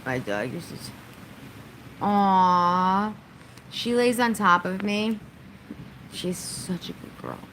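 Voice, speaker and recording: A woman's voice: medium pitch, slow, pauses often, fairly bright tone, slight background noise, poor audio. A woman vlogger chatting casually on a livestream from her home during a storm, doting on her dog.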